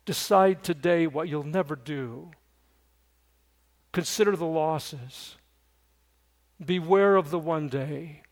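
Older male pastor preaching slowly. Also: on the high side. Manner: earnest, shifts from loud storytelling to hushed pleading. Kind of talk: sermon.

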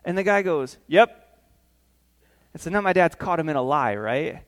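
An animated male pastor with a high voice, telling stories from the pulpit. He acts out the voices of the people in his stories and asks the congregation questions as he goes. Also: fairly quick. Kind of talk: sermon with storytelling.

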